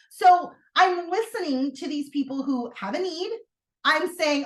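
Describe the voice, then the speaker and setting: High-voiced woman doing team training, chatty and bursting with excitement, echoey room. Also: measured pace. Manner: energetic, chatty, swings into excited outbursts. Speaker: sales team leader. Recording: roomy echo.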